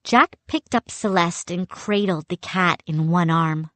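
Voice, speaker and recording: A woman narrating a spooky children's audiobook in an expressive, dramatic first-person reading. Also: fairly low pitch, unhurried, no room sound. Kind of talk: scripted storybook narration.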